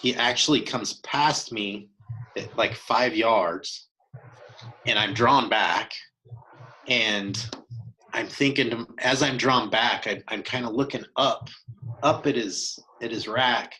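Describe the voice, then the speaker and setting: A man, co-hosting a podcast, telling a hunting story in an animated way with many restarts. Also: medium pitch, low-quality recording. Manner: animated, acts out quoted dialogue, many restarts. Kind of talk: casual storytelling chat.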